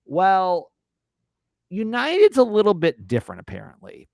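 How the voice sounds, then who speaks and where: A man's voice: sits high, moderate pace, gravelly, no room sound, clean studio sound. A man hosting a podcast, telling a rambling story in a casual, swearing way. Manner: animated, rambling, swears and laughs. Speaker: podcast host.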